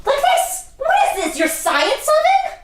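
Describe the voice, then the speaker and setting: A sarcastic young woman rants in a put-on New Jersey accent, as an actress performs her in a reel. Her high voice swings widely, heard from a distance in a very echoey room. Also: wildly swooping pitch, unhurried, heavily acted. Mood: mocking. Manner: sarcastic, scornful ranting. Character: bitter shouting young woman mocking her partner. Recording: echoey, distant clip audio.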